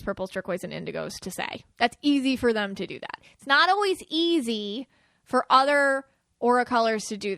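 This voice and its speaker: A woman's voice: fairly high pitch, fairly bright tone, no room sound, clean studio sound. A woman hosting a podcast, talking casually and chattily, acting out the quoted lines of the people she describes. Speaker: podcast host.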